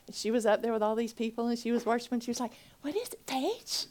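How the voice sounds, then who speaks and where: A woman with a somewhat high voice gives a personal church testimony. She moves between loud, pleading bursts and hushed, near-whispered passages. She acts out her own past conversations in a raised, animated voice. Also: racing, a little hiss or hum. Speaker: minister giving a testimony.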